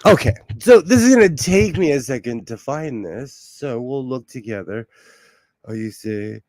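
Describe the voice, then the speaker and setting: Hosting a sewing livestream at home, a man from Southern California with a Southern Californian accent chats casually with his chat and laughs often. His medium-pitched voice swings hugely in pitch, moves slowly, and sounds a bit bright in a dry recording.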